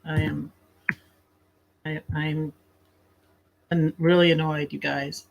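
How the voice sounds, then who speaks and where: A woman's voice: low-pitched, flat delivery, slow, vocal fry, highs cut off. A woman hosting a casual late-night livestream from her bed, chatty, laughing often and snacking while she talks. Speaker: livestream host.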